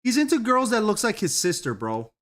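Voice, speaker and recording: A man with a slightly high voice chats on a stream while he browses videos. He giggles often and rambles in a loose, profane way. His talk comes in casual bursts. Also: wildly swooping pitch, a little fast, fairly bright tone. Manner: giggly, laughs often at what he watches.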